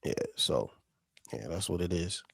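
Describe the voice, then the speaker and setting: A man's voice: low voice, expressive, a little slow, creaky, husky. A man on a casual podcast panel, talking in a rambling, profane way with many restarts.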